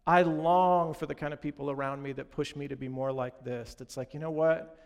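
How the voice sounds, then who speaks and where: A man's voice: mid-range voice, flat delivery, a little fast, vocal fry, in a large hall. A man preaching a sermon in an earnest, direct way, talking straight to his congregation. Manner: earnest, direct, addresses congregation as "you guys". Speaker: pastor.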